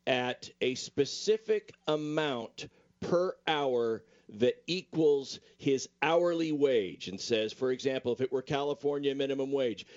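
A man co-hosting a legal radio talk show, speaking in a thoughtful, measured way. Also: mid-range voice, darkish tone, highs cut off. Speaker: co-host. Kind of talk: casual panel chat.

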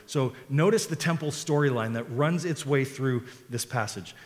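A man preaching a sermon as a pastor, building into a fervent, repetitive preaching cadence. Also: on the high side. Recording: long hall reverb.

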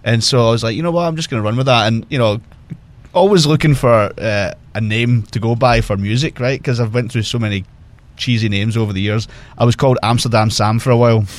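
A man's voice: medium pitch, fairly even intonation, a little fast. A man telling casual stories as a guest on a podcast, often laughing as he talks. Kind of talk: casual storytelling.

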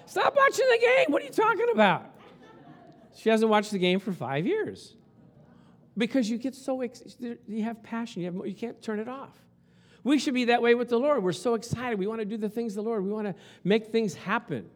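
A man's voice: high-pitched, moderate pace. A man preaching a sermon as pastor, telling stories and acting out quotes with lots of passion. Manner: animated, storytelling with acted-out quotes.

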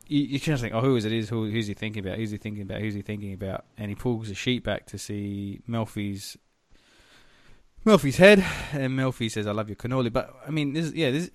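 A man with a lowish voice, recorded dry and at studio quality, co-hosts a podcast recapping a TV episode. His casual chat rambles and is full of filler words and free swearing.

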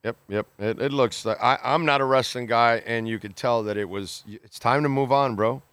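A podcast host with a medium-pitched, slightly bright, clear and resonant voice reads listener comments aloud. He reacts in blunt, exasperated casual chat, swearing freely, restarting his sentences haltingly and using many fillers.

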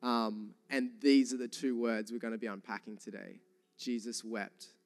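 A man's voice: fairly low pitch, normal speed, long reverb tail. A young man with a New Zealand accent, preaching a sermon and telling funny stories to the congregation. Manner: lively storytelling, jokes with the congregation. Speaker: youth pastor.

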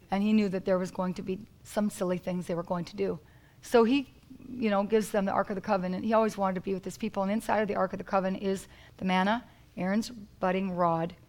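A woman's voice: medium pitch, low-quality recording. A woman preaching a sermon in church, emphatic and repetitive, calling out to the congregation.

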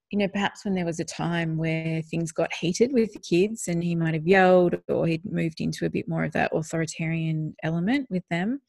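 A woman's voice: low voice, vocal fry, darkish tone, no room sound, studio quality. A woman hosting a podcast in casual chat, earnest and reflective, laughing easily. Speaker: podcast host.

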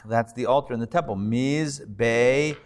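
Man, rabbi-teacher, live class; patient, repeats every word, relaxed asides. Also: mid-range voice, clear, resonant tone. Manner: patient, repeats words slowly, casual asides.

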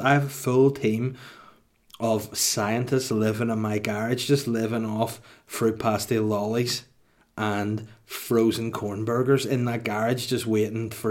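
A man's voice: lowish voice, a little mellow. A man hosting a comedy podcast alone, rambling and self-mocking as he jokes. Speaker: podcast host. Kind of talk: comic solo podcast monologue.

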